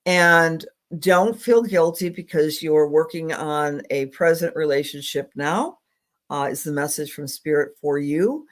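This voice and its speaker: A woman's voice: low-pitched, a little slow. A middle-aged woman astrologer giving psychic readings on a live stream, affectionate and rambling, with many fillers.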